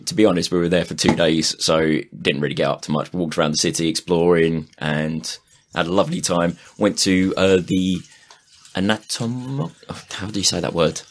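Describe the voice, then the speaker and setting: Deep-voiced sweary man. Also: fairly even intonation, normal speed, slight background noise. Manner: rambling, sweary, laughs often. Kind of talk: casual chat.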